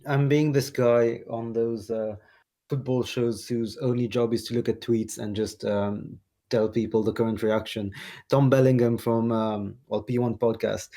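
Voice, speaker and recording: A man hosting a casual podcast, reading out online reactions in a relaxed way. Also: mid-range voice, a little slow. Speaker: podcast host.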